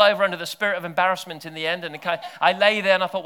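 A man preaching a sermon full of stories. He drops to near-whispers and then breaks into loud shouted bursts. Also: sits high, rapid-fire, hardly any pauses, clear, resonant tone. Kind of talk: sermon with storytelling.

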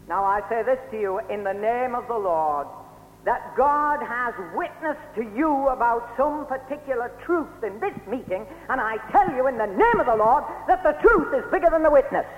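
A man with a very high voice preaches a fervent sermon, pressing his points through repetition. His pitch swings in a lively way, and the old recording sounds muffled and echoes through a large hall. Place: church meeting hall.

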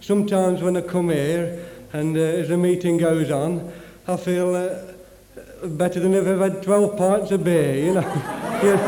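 A man giving a cheerful, chatty testimony at a church meeting. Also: high voice. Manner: jovial, chatty, laughing. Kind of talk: personal testimony. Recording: echoey hall with long reverb, crowd.

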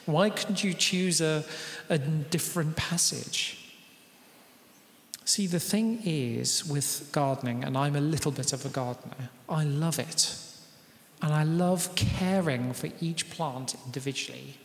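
A British man delivers a sermon in a chatty, conversational way, often turning aside to speak to the congregation. His voice sits a little high for a man. The recording carries the roomy, lingering echo of a large church hall. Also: measured pace, a bit bright. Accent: British English. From Britain. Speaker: pastor. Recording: echoey church hall with long reverb.

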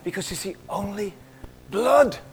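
A middle-aged man with a high voice preaches a sermon in church. He talks in a conversational way and puts questions to the congregation. He drops to hushed whispers and then rises to loud, sharp exclamations. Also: lively intonation, unhurried, slight background noise. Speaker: pastor.

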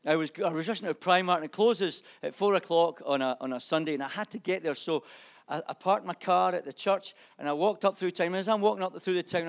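A man preaching in a church, sharing a testimony from the pulpit. His voice sits a little high and carries a gravelly edge. He swings between loud fervour and quiet, intimate moments. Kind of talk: sermon with personal testimony.

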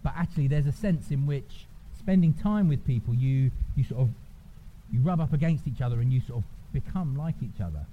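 A man's voice: mid-range voice, lively intonation, brisk, dark tone, dull audio. Man preaching over noisy audio. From England. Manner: informal, checks in with listeners. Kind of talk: conversational sermon. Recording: noisy church recording.

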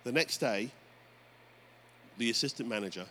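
A man preaching a sermon as pastor, telling stories with lively energy and calling out to the congregation. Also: mid-range voice, normal speed. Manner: animated storytelling preacher, often addressing "folks". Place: church. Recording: faint background noise.

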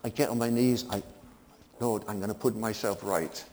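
An older man preaching a sermon, swinging between emphatic peaks and quiet asides. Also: lowish voice, fairly even intonation, moderate pace, in a large hall, slight background noise.

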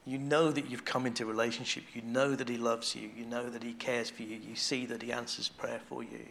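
A man preaching a sermon in a conversational way, restarting phrases as he thinks aloud and growing quiet and intimate on devotional points. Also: medium pitch, level tone, a little fast, gravelly, a little hiss or hum.

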